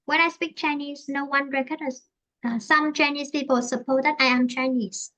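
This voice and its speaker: A Vietnamese-accented woman teaching English online with a high, bright, forceful voice. She speaks haltingly, repeating and rephrasing her points as she explains. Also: fairly even intonation.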